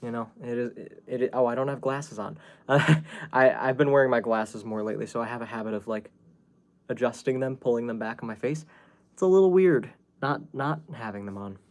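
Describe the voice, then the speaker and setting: A man's voice: medium pitch, a little fast, darkish tone. A man hosting a casual livestream from home, rambling to his viewers with many fillers and restarts. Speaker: YouTube livestream host.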